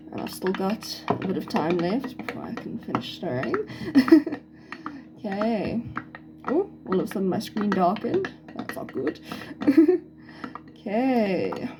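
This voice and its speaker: A young woman with a South African accent and a mid-range voice narrates a science experiment she's doing at home as a student. She chats and thinks aloud with little laughs. Background noise includes the clatter of dishes and cutlery in her home kitchen.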